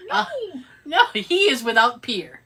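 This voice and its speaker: In an unhurried, slightly high voice, a woman shares a story while co-hosting a podcast. The chat is casual; she's animated and sarcastic, acting out what people said and dropping snarky asides.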